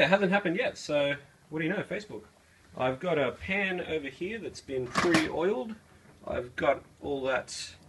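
A young Australian man cooks in a small kitchen and chats casually for his vlog, rambling with fillers and slang. His voice is fairly high with a breathy edge.

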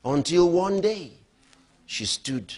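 A middle-aged man preaching a sermon as a pastor, emphatic, moving between loud outbursts and low, quiet storytelling. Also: lively intonation, slow pace.

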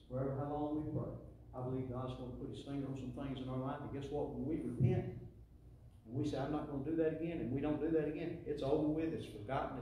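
A man preaching a sermon, building to loud call-and-response with the congregation. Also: mid-range voice, a little hiss or hum. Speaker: pastor. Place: church sanctuary. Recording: echoey church hall, distant mic.

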